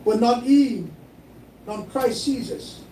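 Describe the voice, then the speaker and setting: A man with a high, mellow voice preaches in a sermon, often repeating his phrases. He sounds a little distant from the mic, in an echoey room. A faint hiss sits under his voice. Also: animated, slow pace. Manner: preaching, mixing English with Chuukese, repeating phrases. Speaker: pastor.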